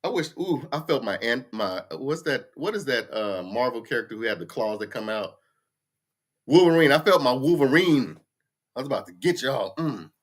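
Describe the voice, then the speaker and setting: A man's voice: medium pitch, sing-song, normal speed. A man, hosting a casual livestream chat, ranting bluntly with profanity. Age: 50s. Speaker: livestream host. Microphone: computer mic for a livestream.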